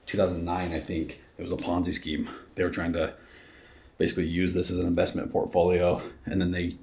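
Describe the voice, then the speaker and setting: A man hosting an exploring vlog, telling a story in an excited, casual way and saying "dude" a lot. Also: sits low, a little fast, slightly rough. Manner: excited, storytelling, says "dude" and "crazy" often. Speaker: vlogger host. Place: abandoned resort building, indoors.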